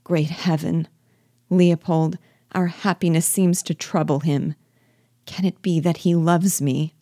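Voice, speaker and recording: A woman's voice: low voice, steady tone, slow, warm tone, no echo, studio quality, exaggerated voice. A woman reading aloud voices a young bride, raising her voice into breathless, emotional exclamations. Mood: anxious.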